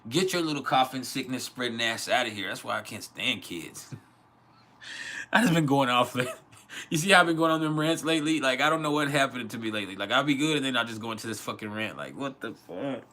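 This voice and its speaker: A man's voice: mid-range voice, expressive, fairly quick, pushed and bright. A man hosting an astrology livestream Q&A from home, talking in loose, profane, rambling rants with laughs. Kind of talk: casual livestream chat and Q&A.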